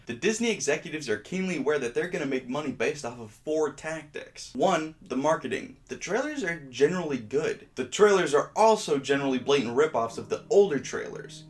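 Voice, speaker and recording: Male vlog host, sarcastic rant delivery, slightly raised pitch. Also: animated, brisk, hardly any pauses. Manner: exasperated, sarcastic. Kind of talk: ranting commentary.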